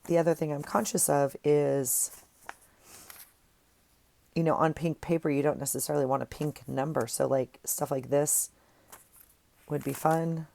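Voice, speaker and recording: Talking casually while she crafts, this vlogger addresses her viewers in a friendly, wandering manner through an earphone mic. She has a deep, steady, unhurried voice, a little mellow and creaky, and she pauses often.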